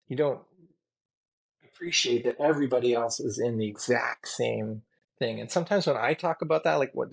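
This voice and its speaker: Here a tattoo artist guest speaks in a husky, medium-pitched voice with vocal fry. His candid interview stories wander, packed with "you know" and "like," and come across as earnest and emotional.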